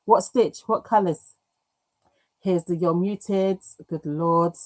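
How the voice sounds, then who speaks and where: Hosting a craft livestream, this British woman speaks at a fairly low pitch, casually reading viewer comments aloud. She laughs readily, pokes fun at herself, and coughs occasionally.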